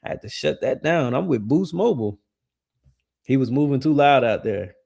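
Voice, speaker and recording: Animated gravelly man reacting with laughs. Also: medium pitch, moderate pace. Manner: laughs often, animated, slangy. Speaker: streamer reacting to videos. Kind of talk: casual reaction commentary.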